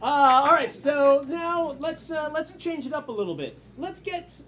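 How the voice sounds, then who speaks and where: A man's voice: very high voice, animated, measured pace, fairly bright tone. A man hosting a live improv comedy game on a theater stage, energetically calling out the rules and prompts to the players. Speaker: improv show host. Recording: live audience crowd noise.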